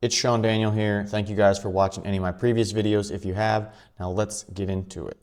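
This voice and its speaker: A man with a fairly low voice hosts his own commentary vlog. He talks quickly and offhandedly, dropping chuckling asides as he goes. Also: level tone, darkish tone, clear, resonant tone. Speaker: channel host.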